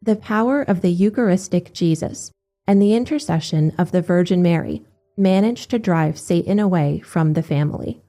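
A woman giving a steady, measured scripted narration of religious accounts. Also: fairly low pitch, soft background music.

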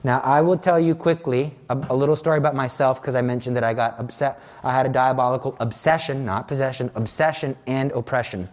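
A man's voice: medium pitch, fairly quick, hardly any pauses, a little mellow. A man giving a personal faith testimony as a Catholic speaker, telling his story in an earnest, dramatic way.

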